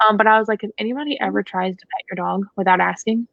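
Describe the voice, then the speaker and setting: A woman dog trainer talks through a casual Q&A in a frank, joking way. Her voice is gravelly. The recording is dry and a little dull, with a lo-fi edge. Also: mid-range voice, steady tone, quick pace, no room sound. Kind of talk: casual Q&A chat.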